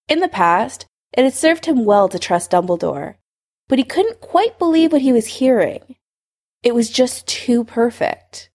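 Expressive woman reading a story aloud. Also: fairly high pitch, unhurried. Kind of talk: audiobook narration of fan fiction.

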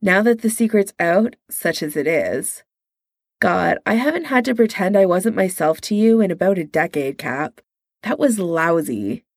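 A woman's voice: on the low side, expressive, a little slow, no room sound, studio quality. A woman voicing a glib engineer man who talks in a wry, teasing way.

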